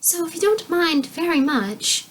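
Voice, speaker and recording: A woman voicing a gentle, affectionate mother who has been turned into a black pig. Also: very high-pitched, expressive, measured pace, voice pushed up. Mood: fond. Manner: soft, affectionate, sighing.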